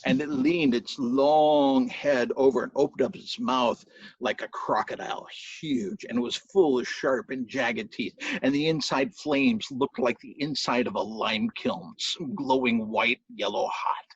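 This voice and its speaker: A man telling a folk tale in a lively storytelling style, voicing sound effects along the way. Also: medium pitch, unhurried, slightly rough, no room sound. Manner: animated, with spoken sound effects. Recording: dull dry lo-fi recording.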